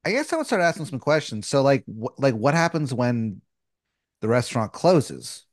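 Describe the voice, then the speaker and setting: A man's voice: mid-range voice, very animated, moderate pace, dry recording, clean studio sound. A man playing along in an improvised game, asking hesitant, playful questions. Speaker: player. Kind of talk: improvised role-play as a player.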